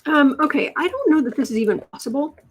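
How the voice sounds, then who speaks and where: A woman's voice: high voice, expressive, fast talker. A woman with a Chicago accent hosting a live tarot reading and answering chat questions in a chatty, wry way, often trailing off and restarting. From Chicago, USA. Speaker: tarot and astrology livestream host. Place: home room with adjustable lighting.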